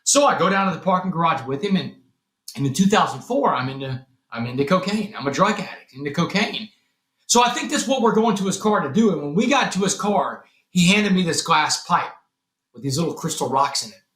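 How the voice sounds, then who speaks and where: A man's voice: fairly high pitch, expressive, brisk, fairly bright tone. A man from Texas, a podcast guest telling his personal story dramatically and acting out the voices of others. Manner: dramatic, acts out quoted voices. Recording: roomy echo with faint music behind.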